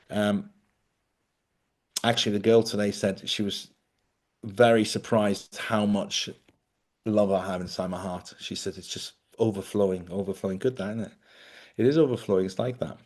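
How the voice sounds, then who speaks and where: A man hosting a spiritual live stream, chatty and animated, often laughing as he talks. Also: lowish voice, normal speed. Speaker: spiritual host.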